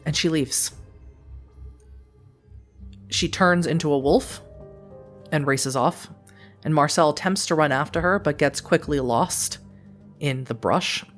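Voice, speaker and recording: A woman acting as storyteller, narrating a tabletop game in a descriptive, measured way. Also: deep voice, soft background music.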